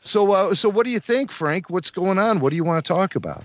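A man's voice: high voice, lively intonation, fairly quick, no room sound. A man co-hosting a call-in podcast, chatty and joking with many fillers, recorded slightly dull. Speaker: podcast co-host. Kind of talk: casual call-in show chat.

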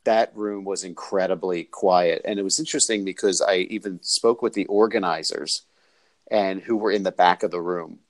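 A man's voice: deep voice, normal speed. A man hosting an interview, talking earnestly and effusively with many restarts. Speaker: host. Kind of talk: casual interview.

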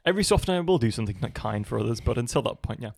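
A man's voice: mid-range voice, animated, very fast, gravelly, a little mellow, no room sound, studio quality. A man in his twenties co-hosting a podcast, chatting casually, laughing often and rambling. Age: 20s. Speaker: podcast co-host.

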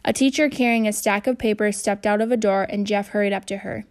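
A woman narrating a children's novel aloud in a steady reading voice. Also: medium pitch, brisk. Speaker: audiobook narrator.

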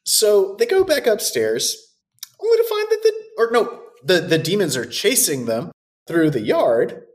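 A podcast co-host with a very animated voice that swoops up and down in pitch. They recap a horror movie in loose, sarcastic chat and swear without a second thought. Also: unhurried.

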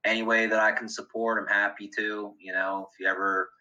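A man's voice: on the low side, flat delivery, fairly quick, bright, forceful tone, highs cut off. A man telling a funny story as a podcast guest, laughing often and talking with many fillers. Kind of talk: casual storytelling.

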